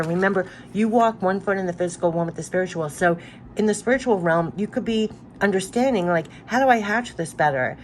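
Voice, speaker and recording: A tarot card reader with a medium-pitched voice gives a spiritual card reading to her viewers, with slight background noise. She is earnest and repetitive, and moved close to tears.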